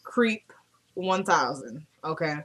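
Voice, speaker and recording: A woman's voice: deep voice, animated, slow, a bit bright, slightly rough. A woman at home giving a chatty, casual recap of a TV episode and acting out the characters' lines as she tells it. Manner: chatty storytelling, acts out lines.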